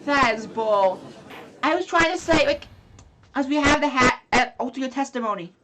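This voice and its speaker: A woman's voice: sits high, expressive, moderate pace, noisy background. A woman streaming a game, chatting casually and apologizing to her chat. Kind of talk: casual gaming commentary.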